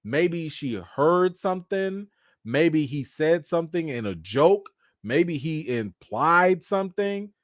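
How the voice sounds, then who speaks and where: A man hosting a live commentary chat, talking in an animated, slangy way. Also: on the high side, slow pace, no room sound, studio quality. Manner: animated, slangy, acts out quotes. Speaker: host.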